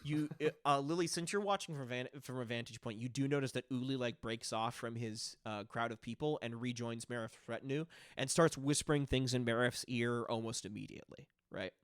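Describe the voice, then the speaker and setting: A man's voice: mid-range voice, fairly quick, hardly any pauses, no room sound, studio quality. Laid-back man running a tabletop game. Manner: relaxed, filler-heavy narration. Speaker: game master.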